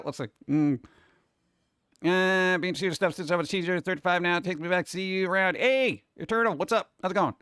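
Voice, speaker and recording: A male streamer chats casually with his live audience in a voice pitched a little above the usual for a man. He rambles and jokes, hopping from one topic to the next. The sound is dry and close, with no room ring at all. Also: fairly bright tone, smooth, no echo. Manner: rambling, jokey, jumps between topics. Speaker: cartoon creator and streamer host.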